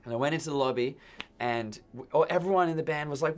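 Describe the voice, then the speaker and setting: A man's voice: on the high side, fast. Man telling a wild story. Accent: Australian. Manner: animated storytelling, acts out quoted voices, stumbles and repeats words. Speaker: band member guest programmer. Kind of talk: casual anecdote telling.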